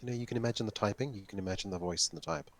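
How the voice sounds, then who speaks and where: Low-voiced guy, non-american english accent, stumbles over words, swoopy lively pitch. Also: very fast, creaky. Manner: hesitant, repeats words, laughs often. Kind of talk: casual chat while gaming.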